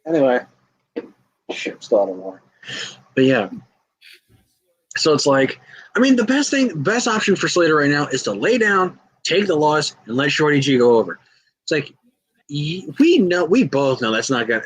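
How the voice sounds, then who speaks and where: A man co-hosting a casual fantasy-booking chat, halting and playful, acting out scenes as he talks. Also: medium pitch, big pitch swings, fairly bright tone, husky, poor audio. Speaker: co-host.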